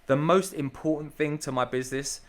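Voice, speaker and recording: A man's voice: on the high side, fairly even intonation, fairly quick. A man, a business owner, talking as a podcast guest in an enthusiastic, emphatic way, repeating himself and calling the host bro. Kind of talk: casual podcast chat.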